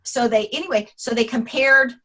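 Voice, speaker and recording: A woman interview guest, an author on names, telling anecdotes in a lively way, acting out the quotes and laughing often. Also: on the high side, normal speed, rough recording. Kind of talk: casual storytelling interview.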